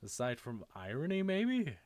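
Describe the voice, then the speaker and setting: A man's voice: medium pitch, huge pitch swings, moderate pace, darkish tone, dry recording. A man co-hosting a casual late-night chat over a voice call, laid-back and wry, chuckling often. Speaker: co-host.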